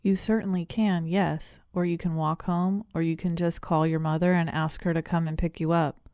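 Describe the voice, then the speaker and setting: Lady reading as friendly middle-aged english gent, breezy, rambly, kinda low and mellow. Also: little pitch movement, moderate pace, dry recording, clean studio sound, close to an everyday voice. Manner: breezy, polite, rambling with ums. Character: affable, chatty middle-aged English gentleman.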